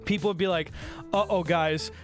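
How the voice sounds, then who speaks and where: This young man has a high voice and a moderate pace, telling a story casually and animatedly into a desk microphone as he streams from home. He swears a lot and acts out others' words, with faint music behind him.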